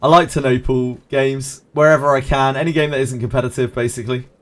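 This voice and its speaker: A man's voice: medium pitch, fairly even intonation, quick pace. A man streaming games, chatting casually with viewers, answering them by name and laughing often. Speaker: game streamer. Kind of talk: casual live-stream chat.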